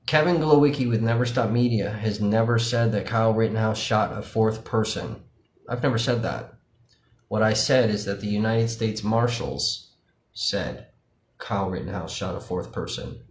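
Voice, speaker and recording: A man's voice: lowish voice, normal speed, a little hiss or hum. Profane, chatty man in an echoey room. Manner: profane, conversational, addresses viewers directly. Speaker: independent livestream journalist. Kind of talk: casual explanatory talk to viewers. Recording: roomy echo.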